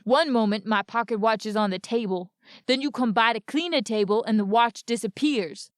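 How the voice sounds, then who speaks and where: Lady doing a big growly lumberjack bully, loud and mean, storybook villain, dry sound. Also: fairly high pitch, moderate pace, dry recording, natural voice. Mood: menacing. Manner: growling, roaring. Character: hulking male northern lumberjack bully.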